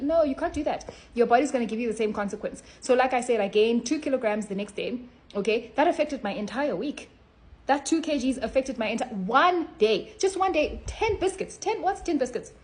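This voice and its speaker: A health vlogger talks straight to her phone camera in a casual vlog, blunt and scolding. Her slightly high, darkish voice often caps points with "okay?"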